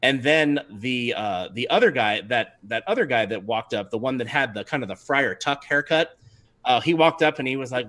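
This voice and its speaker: A man's voice: mid-range voice, lively intonation, moderate pace, fairly bright tone. A man narrating as game master in a tabletop game, rambling and laughing often.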